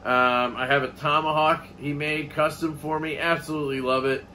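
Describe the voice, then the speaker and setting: Bright-voiced man rambling casually. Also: on the high side, level tone, moderate pace, a little hiss or hum. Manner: rambling, laid-back, swears casually. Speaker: knife collecting vlogger. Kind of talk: casual chat.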